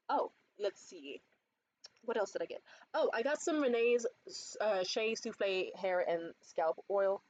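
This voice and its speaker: Young woman, beauty haul vlog, lively swooping voice, fairly high, casual swearing, dull lo-fi sound. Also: moderate pace. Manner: animated, swearing, squeals when quoting others. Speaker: beauty vlogger. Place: bedroom.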